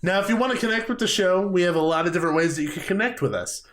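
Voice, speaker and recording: A young man co-hosting a casual podcast, chatty and quick to laugh, often stumbling over his words. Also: sits high, a bit bright. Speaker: podcast co-host.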